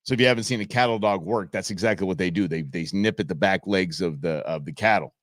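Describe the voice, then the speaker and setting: A man hosting a live show, commenting on videos in an animated, joking way. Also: low-pitched, fast talker, no echo, studio quality. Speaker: host.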